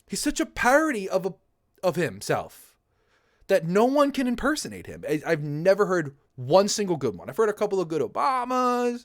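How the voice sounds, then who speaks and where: A man's voice: fairly high pitch, no echo, clean studio sound. A young man hosting his own livestream, chatting casually and rambling from topic to topic. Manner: rambling, chatty, laughs easily. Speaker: livestream host. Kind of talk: casual chat.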